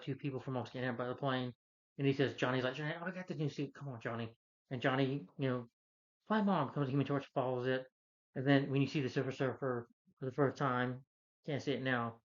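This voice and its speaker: A man reviewing a film in a casual, rambling plot recap, stringing events together with lots of "like" and "you know.". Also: mid-range voice. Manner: rambling, loose retelling full of "like" and "you know". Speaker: movie reviewer. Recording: muffled lo-fi audio.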